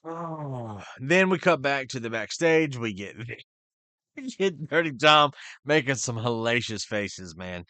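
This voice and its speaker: A man hosting a podcast, recapping a wrestling show in casual, profane chat and quickly voicing the people he quotes. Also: medium pitch, no room sound. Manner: profane, excitable, retells scenes in quick voices. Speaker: podcast host.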